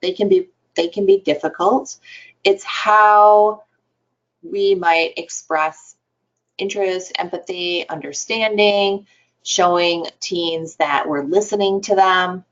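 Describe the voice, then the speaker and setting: A woman's voice: fairly low pitch, fairly even intonation, takes it slowly. A woman presenting a webinar for adolescent health providers, explaining in a conversational way with some fillers. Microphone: computer mic on a webinar call. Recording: dull lo-fi webinar audio.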